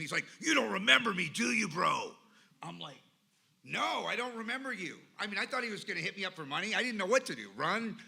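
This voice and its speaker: A man's voice: sits high, creaky, pushed and bright. A man giving a personal recovery talk at a meeting, telling stories emphatically with repeated lists. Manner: emphatic storytelling with lists and repetition.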